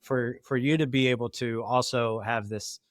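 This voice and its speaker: A male podcast host talks in a reflective, soft-spoken way, sometimes a little choked up. His pitch is in the middle range. The recording is close and dry. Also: steady tone, moderate pace, no echo. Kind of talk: casual interview chat.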